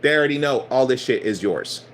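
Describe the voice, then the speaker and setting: A man's voice: medium pitch, animated, fairly quick, a bit bright, a little hiss or hum. A man preaching in a casual, blunt style, swearing often and hammering points through repetition. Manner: blunt, profane, emphatic preaching; conversational, repeats phrases. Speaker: spiritual teacher. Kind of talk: casual sermon.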